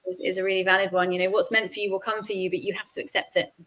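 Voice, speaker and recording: A woman's voice: mid-range voice, level tone, very fast, fairly bright tone. A woman hosting a live interview, talking eagerly and often checking in with "right?". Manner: eager, agreeing, many "right?" and "you know". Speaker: host.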